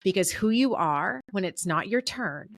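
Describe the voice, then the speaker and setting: A woman's voice: medium pitch, animated, moderate pace, no echo, studio quality. A woman in her thirties, a communications professor, speaking as a guest on an interview podcast with emphatic, preacher-like encouragement.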